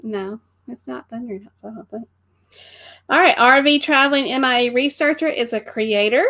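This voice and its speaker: A woman's voice: a little high, normal speed, sharp tone. A middle-aged woman co-hosting a casual live stream, greeting viewers by name and laughing often. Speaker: co-host of a live travel stream.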